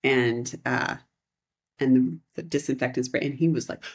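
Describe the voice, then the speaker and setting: A woman in her thirties, a podcast co-host, telling a rambling, animated story in casual chat and laughing often. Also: rumbling low, moderate pace.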